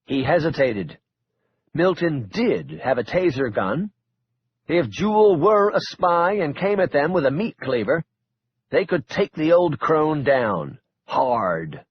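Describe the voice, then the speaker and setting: A man's voice: a little high, animated, slow, breathy edge, no echo, highs cut off. A man narrating an audiobook thriller in a wry, dramatic storytelling manner. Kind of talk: scripted narration.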